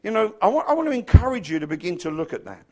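English man, middle-aged, pastor, informal sermon, joking, somewhat high voice. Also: very animated, racing, dark tone. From England. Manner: chatty, joking with the congregation, bursts of mimicry. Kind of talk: casual sermon.

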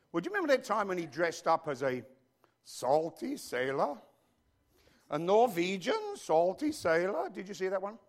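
A man preaching a sermon as pastor, animated and joking, with frequent asides to his congregation. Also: high-pitched.

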